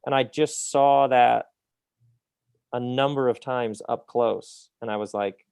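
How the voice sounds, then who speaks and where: Gravelly middle-aged man in relaxed interview. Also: medium pitch, slow, no echo, studio quality. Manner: animated and reflective, often laughing at himself. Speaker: author being interviewed. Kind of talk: casual interview conversation.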